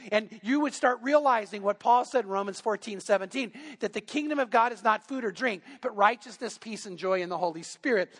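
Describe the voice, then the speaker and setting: A man's voice: high-pitched, fairly bright tone, in a large hall. A man preaching a sermon as pastor, talking to the congregation in a conversational way full of rhetorical questions. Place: church sanctuary.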